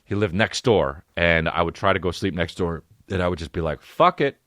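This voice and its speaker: A man's voice: low-pitched, steady tone, brisk, a bit bright, dry recording, studio quality. A man in his late thirties from New Jersey, telling comedic stories as a podcast host in a profane, rambling way. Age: 30s. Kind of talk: comedic storytelling.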